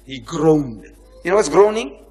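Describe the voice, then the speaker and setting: A man's voice: fairly high pitch, animated, a little slow, a crowd in the background, rough recording. A man giving a religious lecture, reading verses and explaining them with dramatic emphasis and rhetorical questions. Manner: dramatic, rhetorical questions, acts out quoted speech; swings between loud emphasis and near-whispered asides.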